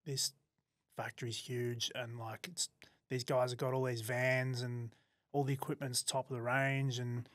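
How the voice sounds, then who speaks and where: A man with an Australian accent in casual podcast chat, blokey and agreeable, quick to back up his partner. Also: medium pitch, flat delivery, a bit bright, dry recording, clean studio sound. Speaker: podcast co-host.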